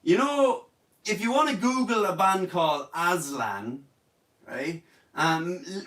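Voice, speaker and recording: A man's voice: on the high side, fairly bright tone, echoey room, distant mic. Jokey Irish man rambling on a live stream. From Ireland. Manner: jokey, rambling, slips into silly voices. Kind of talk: casual live-stream chat.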